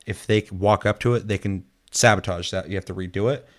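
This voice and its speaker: Swearing, animated man telling game stories. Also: lowish voice, a little fast. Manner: animated storytelling, swears a lot, acts out quotes. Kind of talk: casual chat.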